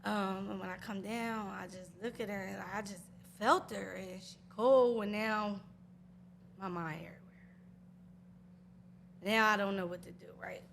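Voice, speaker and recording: Grieving woman with a gravelly voice. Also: medium pitch, fairly even intonation, a bit bright, slight background noise. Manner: raw, halting, nervous laughter through grief. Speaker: guest. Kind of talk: emotional personal storytelling.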